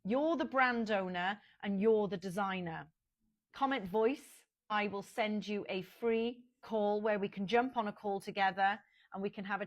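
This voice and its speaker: Woman, fashion consultant, casual direct-to-camera advice, conversational with small restarts. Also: mid-range voice.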